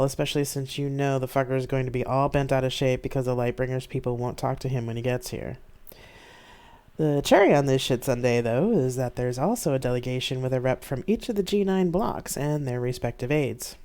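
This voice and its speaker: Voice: medium pitch, animated, a little fast, a little mellow, clean tone, natural voice. A reader voicing a blunt, swearing starship captain. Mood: wry. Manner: swearing, wry.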